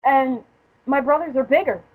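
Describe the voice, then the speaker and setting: A young woman chatting casually as a podcast host, her voice pitched a little high. She tells her story in a profane, joking way and breaks into laughter often. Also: normal speed, breathy edge, poor audio. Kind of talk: casual chat.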